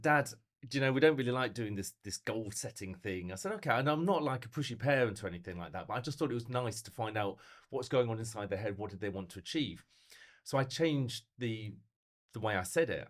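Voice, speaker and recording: A middle-aged motivational speaker talks on a casual podcast in a lowish voice at a quick pace. He's animated, tells stories, and fills his talk with rhetorical questions.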